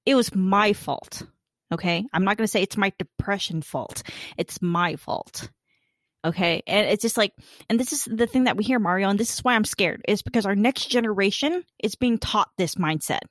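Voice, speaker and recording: A woman's voice: mid-range voice, fairly quick, dry recording. Blunt woman on a dry mic. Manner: candid, emphatic, blunt. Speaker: podcast host. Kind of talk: casual chat. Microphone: studio mic.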